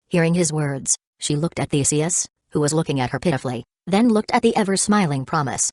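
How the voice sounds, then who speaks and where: A woman narrates a novel in a steady, even reading. Her voice is low, and the recording is close and dry with no room sound. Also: fairly quick, few pauses, no room sound. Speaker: audiobook narrator. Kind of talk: audiobook narration.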